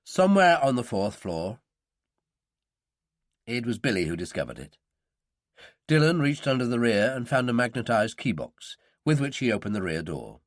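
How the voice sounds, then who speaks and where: Male thriller narrator, mid pitch, expressive, dry close recording. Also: a little fast, no room sound. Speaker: audiobook narrator. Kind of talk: scripted narration.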